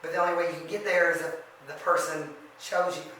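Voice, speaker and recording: A woman guest with a low voice talks a little fast in a casual storytelling setting, recounting eerie experiences in an even, matter-of-fact way with very little rise and fall. She sounds far from the mic in a very echoey room, with a slight hiss or hum.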